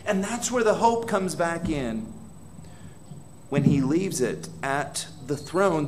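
A man's voice: high-pitched, animated, takes it slowly. Man preaching a dramatic sermon. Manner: dramatic, voices prayers aloud with rising intensity; asks the congregation questions directly. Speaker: pastor. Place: church hall.

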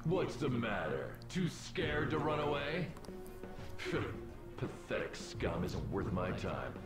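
A man's voice: mid-range voice, sing-song, slow pace. A sneering tyrant king in a game. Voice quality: sneering, mocking. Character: arrogant tyrant king, grown man. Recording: roomy game audio with music.

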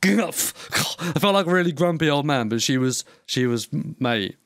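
A man co-hosting a podcast, swearing and laughing as he spins an everyday rant. His voice is a bit high and swings around a lot, and the sound is dry and close. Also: normal speed, no echo. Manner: lively, laughing, sweary storyteller. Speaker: podcast co-host. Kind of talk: casual banter.

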